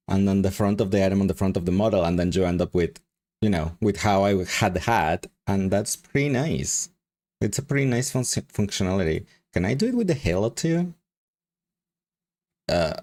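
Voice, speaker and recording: A man's voice: lowish voice, a little mellow. A man with a Mexican accent chatting casually with his live stream chat, rambling and laughing often. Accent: Mexican Spanish.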